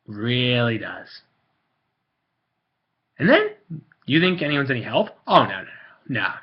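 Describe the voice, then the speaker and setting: A man's voice: mid-range voice, big pitch swings, moderate pace, long pauses, slightly rough, dull audio. Angry, blunt man ranting. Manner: angry, blunt, repetitive, swearing. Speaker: card-collecting vlogger. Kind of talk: ranting monologue to camera.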